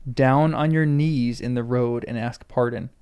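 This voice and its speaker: A man's voice: medium pitch, steady tone, unhurried, darkish tone, clear, resonant tone, pitched below the performer's own voice, lightly acted. A man reading aloud as a bold young male hobbit giving stern commands.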